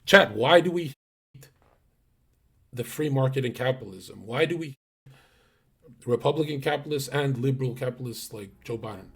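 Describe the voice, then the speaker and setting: A husky-voiced man talks at a middling pitch to his live stream audience. He rants bluntly and profanely, rambling with fillers and quick restarts. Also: fairly bright tone. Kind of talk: casual ranting monologue to chat.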